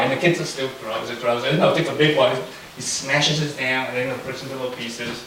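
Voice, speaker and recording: Chatty pastor in an echoey church. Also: male voice, medium pitch, steady tone, brisk, fairly bright tone. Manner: chatty, anecdotal, lots of fillers. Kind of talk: casual sermon storytelling. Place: church hall. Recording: very echoey room, far from the mic, faint noise.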